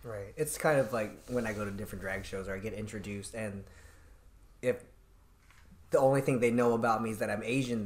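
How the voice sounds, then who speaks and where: A young man, a podcast guest, talking candidly in short phrases that often restart. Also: on the low side. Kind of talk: casual conversation.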